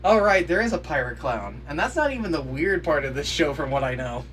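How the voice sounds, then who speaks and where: A man with a fairly high, bright, forceful voice reads his irreverent reactions on a podcast. His delivery swings widely in pitch. He is sarcastic and curses casually, with sudden outbursts of mock outrage. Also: expressive, fairly quick, a little hiss or hum. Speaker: podcast co-host. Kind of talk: reading out humorous episode reactions. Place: podcast studio.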